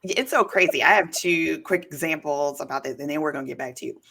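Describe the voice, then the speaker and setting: Woman, podcast host, attorney, emphatic, animated storyteller, lowish voice. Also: fairly quick, creaky. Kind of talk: casual interview chat.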